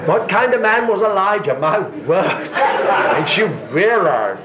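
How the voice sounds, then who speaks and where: An older man preaches a sermon and tells stories with dry, mischievous humor. His fairly high voice swings widely up and down. The recording is roomy and a little dull, with a faint hiss behind him. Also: slow. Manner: lively storytelling with dry humor and chuckles. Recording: roomy, dull, slightly noisy hall recording.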